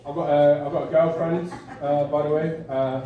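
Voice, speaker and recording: A young English man works through a stand-up set with a dry, self-deprecating delivery, pausing on fillers as he goes. His voice reaches a distant mic across a very roomy club. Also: a little high, flat delivery, dark tone. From England. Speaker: stand-up comedian. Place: comedy club bar with a live audience. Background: audience laughter.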